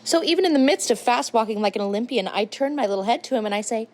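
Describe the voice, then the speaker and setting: A woman's voice: fairly high pitch, fast talker. A woman from Utah, a crafts creator, telling stories in a chatty, playful voice-over. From Utah, USA. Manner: chatty, animated, playful asides. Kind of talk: casual storytelling voice-over.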